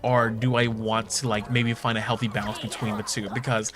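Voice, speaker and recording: A young man chatting casually while he plays, candid and full of swearing and laughter, jumping into high mocking voices when he quotes people. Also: little pitch movement, brisk. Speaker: streamer. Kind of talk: casual chat while gaming. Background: game music.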